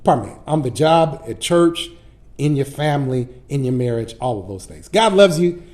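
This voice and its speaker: A middle-aged man, a pastor teaching Sunday school, telling folksy stories in a lively preaching style. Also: medium pitch, normal speed. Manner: animated, folksy preacher who acts out his stories. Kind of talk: storytelling sermon-style lesson.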